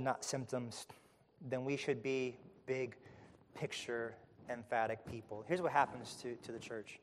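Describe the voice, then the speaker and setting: A man preaching a sermon to his congregation, building to loud emphatic peaks with repeated phrases, then dropping low and quiet. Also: in a large hall. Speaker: pastor.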